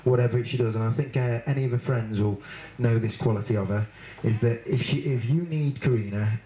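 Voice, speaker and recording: Speaking a little fast at a medium pitch, the bride's brother gives his wedding speech, a story broken up by frequent laughter, fillers and false starts. It's a wedding reception, recorded in an echoey room with heavy background noise.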